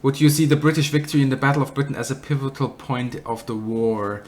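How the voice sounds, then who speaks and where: A man's voice: mid-range voice, fast talker, a little mellow. A man with a German accent casually answering chat questions on a live stream, rambling and correcting himself with dry humour. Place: apartment.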